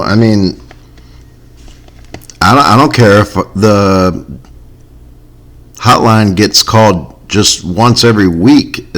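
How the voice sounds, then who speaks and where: A man's voice: lowish voice, a bit bright. A man hosting a comedy podcast, rambling in a wry, self-mocking way. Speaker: podcast host. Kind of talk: casual comedy podcast chat.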